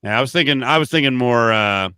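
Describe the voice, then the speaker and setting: A man's voice: medium pitch, fast, sharp tone, smooth, no echo. A man co-hosting a podcast, chatting casually with dry jokes. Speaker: podcast co-host. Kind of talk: casual chat.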